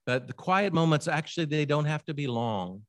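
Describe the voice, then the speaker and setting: An older man preaching a sermon in an unhurried, conversational way. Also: on the high side, animated. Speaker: pastor.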